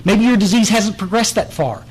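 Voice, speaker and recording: A man's voice: sits high, expressive, moderate pace, slightly rough, rough recording. A man, giving a blunt, direct recovery meeting talk full of stories and restarts, speaking in a meeting room.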